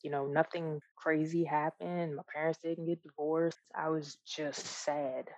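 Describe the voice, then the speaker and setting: Low-voiced woman, earnest personal chat, dry slightly muffled recording. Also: little pitch movement, unhurried, no room sound. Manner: reflective, earnest, with frequent restarts and soft laughs. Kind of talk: candid personal conversation.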